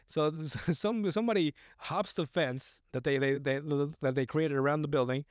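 A man's voice: a little high, normal speed, few pauses, clear, resonant tone, no room sound, clean studio sound. A man casually recapping a film on a podcast, rambling, swearing often and acting out the characters' lines. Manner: rambling, profane, acts out quotes. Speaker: podcast co-host.

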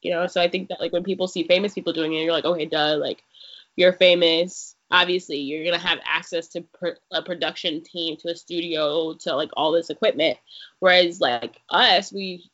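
A woman's voice: fairly low pitch, fairly even intonation, a little fast, fairly bright tone. A young woman co-hosting a podcast in casual chat, saying "like" all the time. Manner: chatty, says "like" constantly. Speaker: podcast co-host. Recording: dull lo-fi sound.

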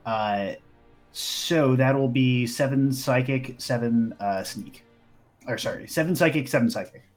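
A man's voice: medium pitch, measured pace, faint music behind. A man playing a tabletop game, thinking aloud and correcting himself as he goes. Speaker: player. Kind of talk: casual tabletop play.

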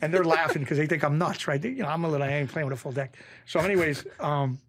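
A man from Springfield, Massachusetts, a guest telling a story in a casual, rambling and animated way, full of restarts. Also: on the high side, fast. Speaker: guest, former mob associate.

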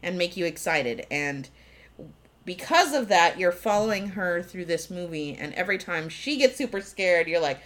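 A woman co-hosting a podcast who talks about films with open enthusiasm. Her chat is casual and peppered with swearing, and she is quick to jump in with corrections. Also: on the low side, animated. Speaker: podcast co-host. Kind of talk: casual movie discussion.

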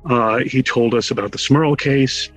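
A man from Connecticut, a guest in an interview, telling a lively anecdote with wry humor and acting out the quotes. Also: mid-range voice, a little slow, soft background music, rough recording. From Connecticut, USA. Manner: animated storyteller who acts out quotes with wry humor. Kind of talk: casual anecdotal storytelling.

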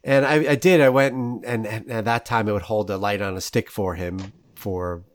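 Storytelling man, low dry voice. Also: moderate pace, dry recording. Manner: storytelling, animated, laughs often. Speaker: podcast host. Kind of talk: casual interview chat.

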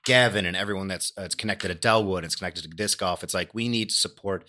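A man joining a casual podcast chat as a guest, animated and joking. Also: low-pitched, quick pace.

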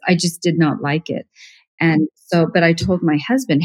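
Chatty middle-aged woman, low-pitched. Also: fairly quick. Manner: chatty, animated, acts out quoted voices with laughs. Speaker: professional organizer, podcast guest. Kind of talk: casual interview storytelling.

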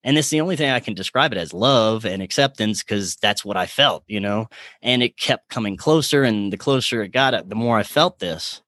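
A man earnestly recounting a personal spiritual experience in conversation, halting and searching for words. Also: fairly low pitch, animated, bright, forceful tone, no room sound.

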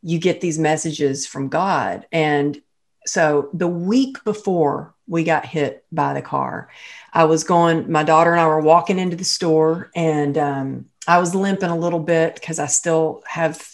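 A middle-aged woman tells a personal story in casual chat at a measured pace. She's animated, and her voice jumps up high when she quotes people or laughs.

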